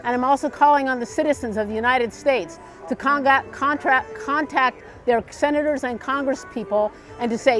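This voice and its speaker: A woman's voice: sits high, normal speed, hardly any pauses, soft background music. A woman making an emphatic, insistent statement to camera at an outdoor festival booth, repeating her key phrases. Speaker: public commenter.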